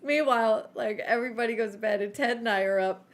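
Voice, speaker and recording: A woman's voice: fairly high pitch, quick pace, a little hiss or hum. A woman co-hosting a podcast, telling a story in a casual chat and laughing often. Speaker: podcast co-host.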